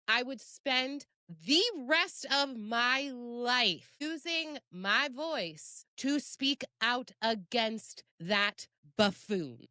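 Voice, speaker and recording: A woman's voice: fairly high pitch, sharp tone, no room sound, studio quality. A woman co-hosting a podcast in casual chat, blunt and heated, swearing freely. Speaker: podcast co-host.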